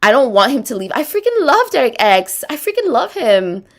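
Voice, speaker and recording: A woman's voice: sits high, big pitch swings, moderate pace. A woman with a Quebec French accent, hosting a casual livestream, chatting, rambling and reading viewer comments aloud. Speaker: livestream host reading chat.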